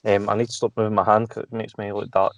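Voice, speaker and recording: A man's voice: lowish voice, level tone, fast, no echo. A Scottish man chatting casually as a podcast guest, swearing freely and laughing as he tells stories. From Scotland. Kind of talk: casual chat.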